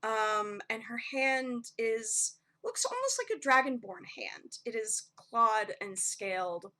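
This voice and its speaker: A woman narrating a homebrew tabletop game as game master, relaxed and full of ums. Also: a little high, slow, few pauses. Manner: relaxed storytelling with frequent ums.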